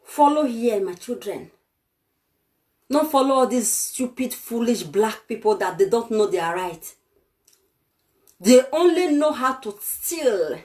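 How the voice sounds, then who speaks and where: A woman's voice: a little high, lively intonation, slow, long pauses, darkish tone. A young Nigerian woman ranting on a vlog, insulting and scolding her viewers in a fiery tone. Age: young adult. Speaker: vlogger.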